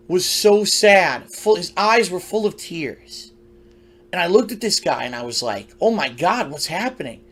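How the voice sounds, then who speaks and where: A high-voiced man tells a story from his past in a loose, rambling monologue. He talks conversationally, circling back with restarts and side remarks as he goes. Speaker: storyteller recounting his youth.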